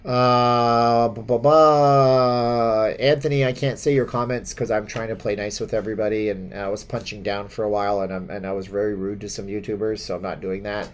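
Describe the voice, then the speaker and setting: A man's voice: fairly low pitch, level tone, normal speed. A man hosting a casual live stream, reading viewer comments aloud and rambling with many fillers, chuckles and restarts. His voice sounds a little stuffy from allergies. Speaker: host of a live chat stream.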